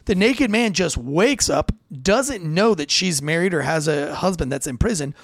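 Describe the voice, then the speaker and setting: A young police officer recounts a wild call in casual, animated storytelling, slipping into the voices of everyone involved. His voice sits a little high with a gravelly edge. The sound is dry and close. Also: normal speed, dry recording. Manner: animated, acts out quoted voices.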